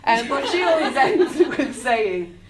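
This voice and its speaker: A woman's voice: sits high, big pitch swings, unhurried, over a noisy crowd. A woman in her thirties with a Sheffield accent, giving a candid, self-deprecating talk to a live audience in a community hall, laughing easily. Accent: Sheffield English. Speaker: public speaker.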